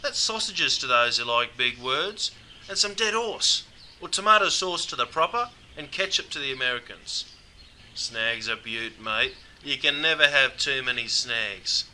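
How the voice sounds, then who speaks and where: A man's voice: mid-range voice, lively intonation, a little slow, pushed and bright, a little hiss or hum. A man with an Australian accent, presenting a scripted comedic explainer in a dry, matey way. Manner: dry, matey, says mate constantly.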